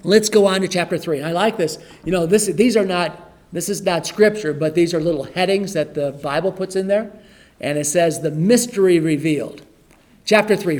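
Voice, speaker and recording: High-voiced man teaching scripture. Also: normal speed, a little mellow. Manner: conversational, repeats phrases, talks to the room. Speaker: pastor teaching a Bible study. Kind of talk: informal Bible teaching.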